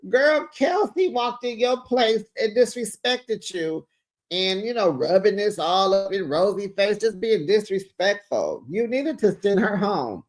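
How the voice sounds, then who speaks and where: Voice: mid-range voice, lively intonation, unhurried. A host giving a casual recap of a reality show, sassy and gossipy, breaking into exclamations and laughs while retelling.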